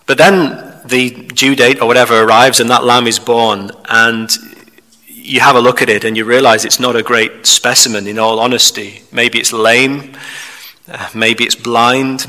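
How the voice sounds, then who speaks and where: A man preaching a measured expository sermon, turning to the listeners with rhetorical asides. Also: medium pitch, flat delivery, pushed and bright. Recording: long hall reverb.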